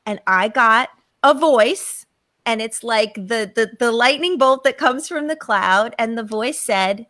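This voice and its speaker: A woman's voice: a little high, unhurried, bright, forceful tone, no echo. A middle-aged woman, a psychotherapist, telling her own story emphatically on a podcast and acting out her inner voices. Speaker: psychotherapist guest.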